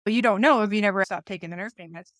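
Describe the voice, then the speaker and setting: A woman's voice: mid-range voice, very fast, dry recording, clean studio sound. A woman in her forties co-hosting a conversational faith podcast, talking things through with lots of asides and restarts. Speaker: podcast co-host. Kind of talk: casual conversational podcast chat.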